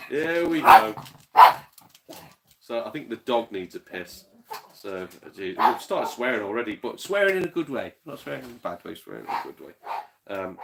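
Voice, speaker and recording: A man talks loosely to his livestream audience, drifting from topic to topic. His voice sits a little low. He swears freely, chuckles often, and is quick to work himself into a rant. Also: gravelly, very noisy. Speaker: game collector streamer. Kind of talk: casual livestream chat with viewers.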